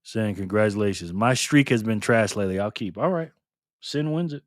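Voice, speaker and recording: Fairly low-pitched and expressive, this man talks fairly quickly while hosting a chatty live stream, recorded clean with no room sound. Loose and playful, he laughs a lot, reads out viewer comments, and roots for the players.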